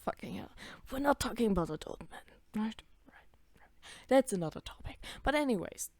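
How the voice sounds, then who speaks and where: A woman's voice: fairly high pitch, animated, brisk, darkish tone, dry recording. A young woman casually reacting to her own old videos, swearing, laughing and putting on voices for the characters.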